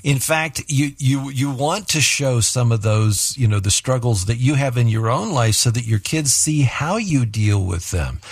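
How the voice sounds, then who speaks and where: A man hosting a faith-based talk show, introducing his guest and guiding the conversation with measured questions. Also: mid-range voice, breathy edge, no room sound. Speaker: radio show host. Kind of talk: interview hosting.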